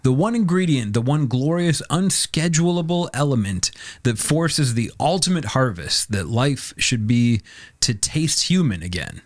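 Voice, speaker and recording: A man's voice: medium pitch, lively intonation, unhurried, no echo. A man co-hosting a podcast with comedic banter and a playful, mock-grandiose delivery. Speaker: podcast co-host.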